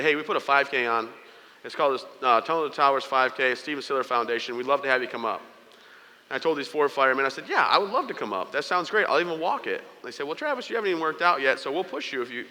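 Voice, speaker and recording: A man speaks to a large audience, spinning personal stories into jokes and teasing the crowd. His voice is bright and forward, and the sound carries the long echo of a big hall. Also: mid-range voice. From United States. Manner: joking storyteller, playful asides to the audience. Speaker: keynote speaker. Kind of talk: humorous motivational speech.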